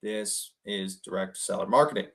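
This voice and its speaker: A man casually coaching people on cold calling between phone calls, often tagging his points with a quick "right?". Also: lowish voice, creaky. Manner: conversational, keeps adding "right?". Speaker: real estate wholesaling coach.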